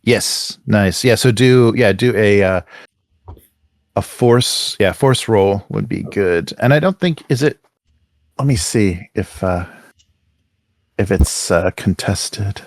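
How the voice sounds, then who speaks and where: A low-pitched man runs a tabletop game session. He explains rules in halting bursts full of fillers and laughs often. The recording is dry and close. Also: dry recording. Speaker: game master. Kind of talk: running a tabletop game online.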